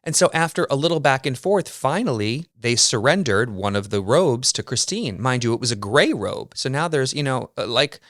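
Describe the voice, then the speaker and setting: A man's voice: mid-range voice, big pitch swings, normal speed, few pauses, no room sound, studio quality. A man hosting his own podcast, telling a story in a chatty, wry way with lots of casual fillers. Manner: chatty and wry, heavy use of "like". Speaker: podcast host.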